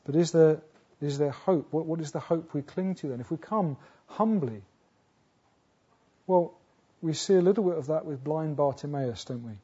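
A man preaching a sermon earnestly, asking rhetorical questions, restarting phrases, rising to loud emphatic peaks and sinking low again. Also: normal speed, breathy edge. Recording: dull lo-fi sound.

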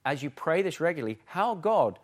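A man preaching a sermon, emphatic, full of rhetorical questions, swinging between forceful and hushed. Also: a little high, big pitch swings, brisk. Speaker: pastor.

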